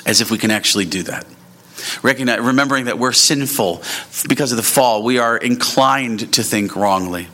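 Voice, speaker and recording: A man preaching a sermon as a pastor, earnest and rising sharply in pitch when he presses a point. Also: moderate pace, pushed and bright.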